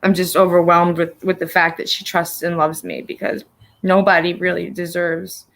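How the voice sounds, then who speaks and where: A woman's voice: on the low side, level tone, moderate pace, fairly bright tone. A woman hosting a casual livestream from home, talking bluntly with a lot of swearing, laughing often and turning emotional and teary at times. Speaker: livestream host.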